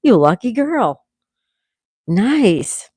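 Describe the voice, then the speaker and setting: A congested woman hosting a relaxed livestream at home, chatting and reading out viewers' comments. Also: a little high, extremely slow, husky, dry recording. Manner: relaxed, chatty, laughs often. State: congested, coughing. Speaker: livestream host.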